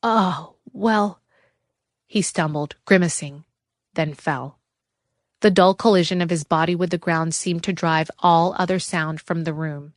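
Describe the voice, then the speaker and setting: Female audiobook narrator, lowish, measured, dry studio sound. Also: steady tone, no room sound.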